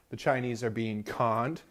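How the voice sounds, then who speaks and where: A man's voice: mid-range voice, a little mellow. A young man hosting a podcast, ranting in a rambling casual monologue, swearing constantly, recorded in a car while driving. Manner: profane, ranting, heavy swearing. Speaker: podcast host.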